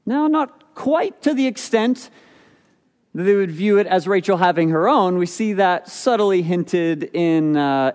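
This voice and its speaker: Guy preaching a sermon, bit higher voice, long echo like a big church hall. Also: a little mellow. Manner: expository preaching, rhetorical questions, acts out quotes. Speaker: pastor.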